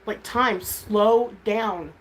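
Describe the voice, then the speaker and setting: A woman's voice: mid-range voice, drawn-out words, rough recording. A woman chatting casually on a livestream as its host, rambling candidly about her kids and swearing freely.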